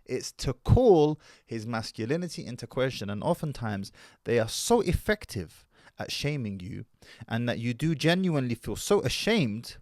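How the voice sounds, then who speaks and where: A man hosting a commentary channel who lectures his audience at a measured pace. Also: medium pitch, dry recording, studio quality. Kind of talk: commentary video monologue.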